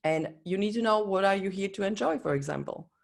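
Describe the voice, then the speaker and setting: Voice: mid-range voice, brisk, vocal fry. A coach giving an earnest, encouraging motivational talk in non-native English, speaking straight to the listener. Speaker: business and life coach.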